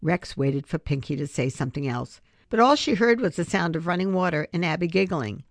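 A woman reading a children's chapter book aloud in a steady, expressive way. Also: on the low side, a little fast, no room sound, studio quality. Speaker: storybook reader.

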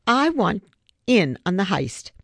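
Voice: mid-range voice, big pitch swings, slow, vocal fry, a bit bright, no echo, studio quality, voice pushed up, heavily acted. An audiobook reader voicing a cheerful, mocking schoolboy bully with a big mouth. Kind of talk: audiobook character voice.

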